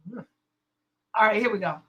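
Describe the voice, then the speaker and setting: A woman's voice: mid-range voice, moderate pace, pushed and bright, poor audio. Sassy woman hosting a livestream. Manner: sassy, talks back to chat with laughs. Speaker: livestream host. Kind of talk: casual livestream chat.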